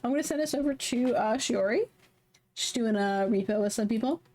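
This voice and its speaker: A woman's voice: fairly high pitch, fairly quick, a little mellow. A woman streamer chatting casually, rambling and playful, poking fun at herself. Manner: rambling, playful, self-mocking.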